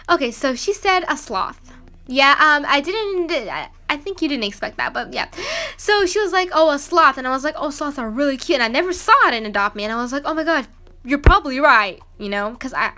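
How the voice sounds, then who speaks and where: A woman's voice: high voice, bright, forceful tone, smooth. A young woman telling a casual gaming storytime, rambling with many fillers and restarts and acting out what people said. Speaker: gaming vlogger.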